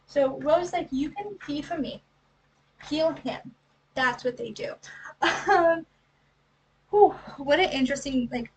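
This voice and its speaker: Woman vlogger, high voice, mic set back from her; breezy recap full of "right?" and quick asides. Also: recorded from a distance, low-quality recording. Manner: chatty, rhetorical questions, acts out lines in quick asides. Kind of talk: casual book recap and analysis.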